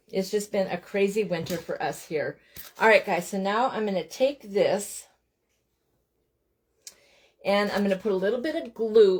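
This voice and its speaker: A middle-aged Montana woman with a medium-pitched voice hosts a craft livestream, guiding viewers through a project at a table in her home craft room. She talks loosely and chattily as she works, greeting viewers by name and adding asides about her day.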